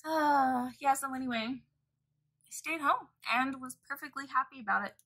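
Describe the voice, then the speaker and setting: A woman's voice: high voice, moderate pace, bright, forceful tone, rough recording. A woman vlogger talking through a makeup tutorial at home, chatty and profane as she tells a story. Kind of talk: casual makeup tutorial chat.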